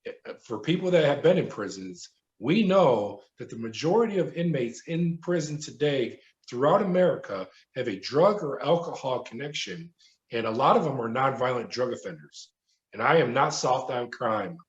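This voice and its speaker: A middle-aged man, a former prison guard, recounting his experiences as a podcast guest in an animated storytelling manner. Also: medium pitch, normal speed. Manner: animated storyteller who acts out quoted voices. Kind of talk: storytelling interview. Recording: roomy, dull remote audio.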